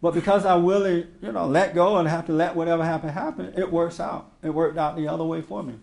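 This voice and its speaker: Man preaching loose and chatty, bit high voice, roomy echo. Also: steady tone, fast, gravelly, a little mellow. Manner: conversational storytelling, acts out quotes, laughs often. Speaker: spiritual teacher. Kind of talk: informal sermon to a small group.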